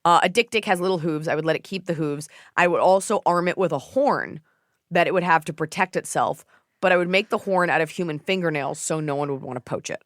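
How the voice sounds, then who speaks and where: A woman hosting a podcast, giving advice in a casual chat with sarcastic, deadpan jokes. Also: on the low side, brisk, dry recording, studio quality. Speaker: podcast host.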